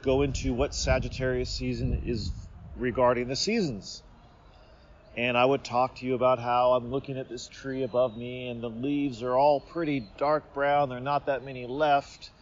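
Guy rambling outside under a tree, mid pitch, kinda muffled audio, keeps restarting his thoughts. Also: fairly even intonation, normal speed. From Seattle area, USA. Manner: meandering, self-interrupting, playful. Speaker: podcast host. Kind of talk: rambling casual monologue. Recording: slightly dull recording.

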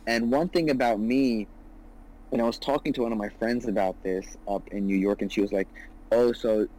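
A man in his twenties, guesting on a casual podcast, talks about his business in an earnest, rambling way, with plenty of "you know" and "right." His lowish voice is a little mellow, and the low-quality recording carries slight background noise.

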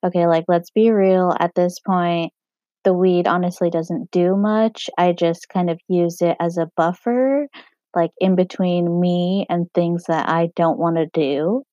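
A young woman talking on her own podcast in a casual, rambling way, full of "um" and "like", her throat hoarse and scratchy. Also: lowish voice, steady tone, measured pace, dark tone, no room sound. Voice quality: husky. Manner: meandering, lots of fillers like "um" and "like". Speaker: podcast host. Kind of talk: casual solo podcast talk. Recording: dry, muffled home recording.

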